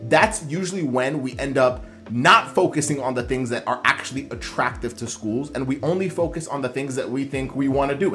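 A man's voice: mid-range voice, expressive, brisk, few pauses, a bit bright, soft background music. A man coaching students applying to physical therapy school, talking earnestly with many fillers and restarts. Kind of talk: motivational coaching talk.

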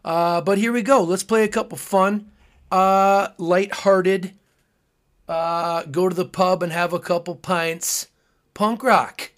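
A man's voice: high voice, fairly even intonation, slow, a bit bright. A man hosting his own podcast, talking in a casual, earnest, musing way with frequent fillers. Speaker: podcast host. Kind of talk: casual solo podcast talk.

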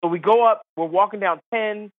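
A man's voice: high-pitched, fairly quick, dry recording. A man, a former caddie and comedian, telling stories casually and animatedly, acting out the people he quotes. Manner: animated, mimics people in quotes, laughs often. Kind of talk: casual storytelling. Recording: dry, phone-like line.

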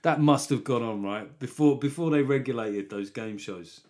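A man's voice: mid-range voice, normal speed, a little mellow. A man riffs alone on his comedy podcast, drifting from one joke to the next. He talks in a loose, rambling way. He often laughs at his own gags. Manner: rambling, jokey asides, laughs at own jokes. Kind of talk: solo comedy podcast monologue.

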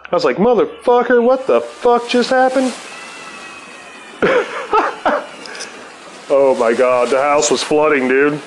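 A man's voice: medium pitch, slight background noise, poor audio. A middle-aged man telling a rambling, profane anecdote and laughing often. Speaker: storyteller. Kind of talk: casual anecdote.

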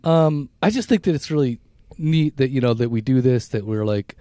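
A man in his fifties co-hosting a podcast, chatting casually in a rambling, reflective way with halting restarts. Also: medium pitch, expressive, warm tone, no room sound, clean studio sound. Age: 50s. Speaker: podcast co-host. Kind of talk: casual chat.

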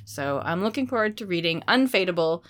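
Woman, podcast co-host, bright clear voice, excitable, casual book chat. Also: on the low side, fairly quick. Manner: enthusiastic, excitable. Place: home office.

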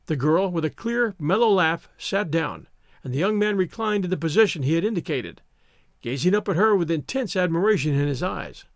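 A man narrating a historical story as a scripted audiobook, measured and expressive. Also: fairly high pitch, no echo, studio quality.

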